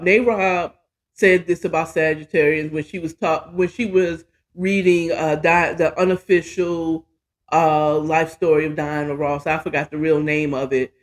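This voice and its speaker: Chatty, candid woman telling her story. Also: low-pitched. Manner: candid, profane, chatty and self-mocking. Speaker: podcast host. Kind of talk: casual personal storytelling monologue.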